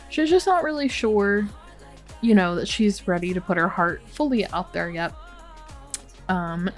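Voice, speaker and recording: A woman hosting a game let's play, commenting casually and sympathetically, with many fillers. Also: medium pitch.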